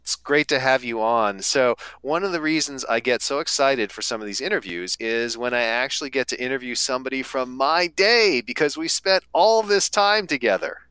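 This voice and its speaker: A man's voice: mid-range voice, moderate pace, hardly any pauses, pushed and bright, smooth, no room sound, low-quality recording. A man hosting a podcast interview, asking questions in an upbeat, eager way. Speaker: podcast host.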